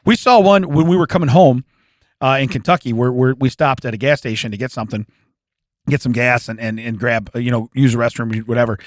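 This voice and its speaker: A man's voice: medium pitch, a little fast, dry recording, clean studio sound. A man in his forties, a podcast co-host, telling stories in casual chat, laughing often and acting out the quotes.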